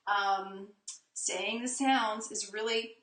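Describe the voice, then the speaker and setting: Woman, reading teacher for a live online lesson, bright voice, lively, stretches out sounds, echoey room. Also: medium pitch. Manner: energetic, emphasizes sounds slowly.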